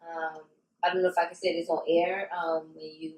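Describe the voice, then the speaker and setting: A woman co-hosting a podcast in casual chat, talking candidly and reflectively at an unhurried pace. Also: on the low side, level tone, darkish tone. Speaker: podcast co-host. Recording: roomy sound, mic at a distance.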